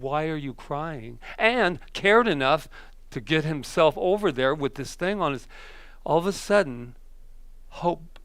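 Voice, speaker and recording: A man's voice: a little high, dry recording. Conversational male minister in a dry sound. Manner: conversational, animated storytelling with hesitations. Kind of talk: sermon. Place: church.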